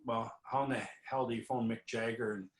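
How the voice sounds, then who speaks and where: A man's voice: medium pitch, little pitch movement, fairly quick. A man, a winery owner, telling a rambling anecdote as an interview guest, with many fillers and restarts. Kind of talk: anecdotal storytelling in a conversation. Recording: roomy echo.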